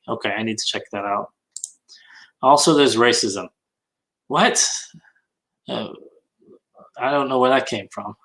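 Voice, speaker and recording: A man's voice: on the low side, vocal fry, pushed and bright, low-quality recording. A man on a casual livestream hangout, chatting and reading comments while he works, often muttering to himself.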